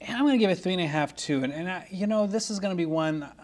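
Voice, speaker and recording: A man's voice: sits high, lively intonation, quick pace, a little mellow. Rambling man reviewing films. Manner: rambling, enthusiastic, many restarts. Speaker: film podcast co-host. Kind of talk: casual film review chat.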